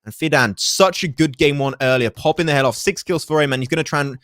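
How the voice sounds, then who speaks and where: Fast-talking male esports caster. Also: a little high, dry recording, studio quality. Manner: rapid, energetic, joking asides. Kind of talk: live play-by-play commentary.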